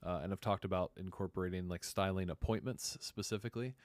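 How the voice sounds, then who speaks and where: Man, deep voice, dry close sound, hesitant co-host, reads viewer questions. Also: fairly even intonation, quick pace, no room sound. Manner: hesitant, lots of uh and um. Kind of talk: live-stream Q&A chat.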